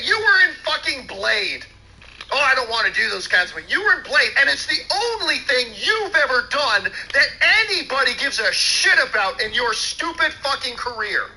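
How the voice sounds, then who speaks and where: A man's voice: extremely high pitch, sharp tone, poor audio. A man hosting a talk show, delivering an angry, profane and sarcastic rant, mocking as he goes. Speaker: show host. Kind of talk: angry ranting commentary.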